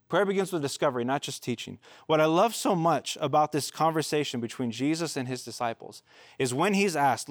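A man's voice: a little high, no room sound, clean studio sound. A man preaching as a pastor, earnest and conversational. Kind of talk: sermon.

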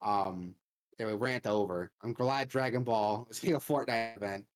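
A man's voice: lowish voice, normal speed. Profane ranting man in gaming chat. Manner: loose, profane ranting with lots of "like". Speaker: podcast co-host.

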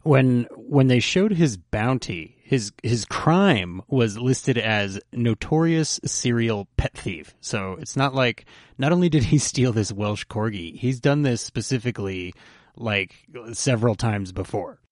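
A man's voice: medium pitch, animated, unhurried, no echo, studio quality. A man hosting a casual anime podcast, teasing his co-hosts and joking around with plenty of fillers. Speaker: podcast host.

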